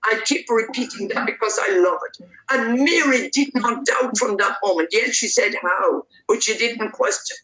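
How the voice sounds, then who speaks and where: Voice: mid-range voice, normal speed, bright, forceful tone, muffled recording. Fervent preacher in an echoey room. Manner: fervent, repetitive prayer cadence. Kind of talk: prayer and sermon. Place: church service, based near Dublin.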